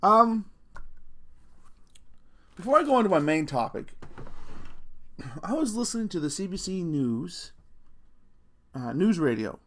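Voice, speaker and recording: A middle-aged man talks straight to his viewers in a loose, rambling rant, sprinkling in curses and chuckling at his own jokes. His voice sits a little higher than most men's. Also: sing-song, measured pace, long pauses, fairly bright tone. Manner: rambling, profane, laughing at himself. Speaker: vlogger. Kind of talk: casual rant to camera.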